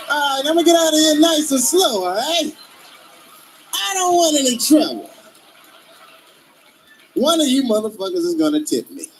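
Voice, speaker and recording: High-voiced man telling profane comedy stories. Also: normal speed, pauses often, heavy background noise. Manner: animated, profane storytelling with frequent laughter. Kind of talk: stand-up comedy routine in role-play.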